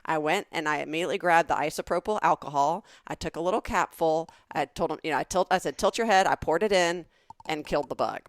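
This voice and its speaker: A middle-aged woman with a Southern American accent, co-hosting a comedy podcast and telling anecdotes with animated build-up. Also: low-pitched, fast talker, no echo, studio quality. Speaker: podcast co-host. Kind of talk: casual comedic chat.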